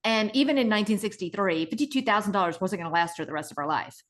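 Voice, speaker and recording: A middle-aged woman co-hosting a casual podcast, retelling stories in an animated way and acting out the people in them. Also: medium pitch, very fast. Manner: animated retelling with acted-out voices. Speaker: podcast co-host.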